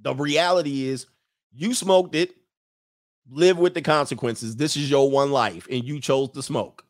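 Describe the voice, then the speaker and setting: A man's voice: medium pitch, unhurried. A man hosts a casual livestream, reading out viewer comments and answering them bluntly. He talks in loose street slang and drops short laughs between his points.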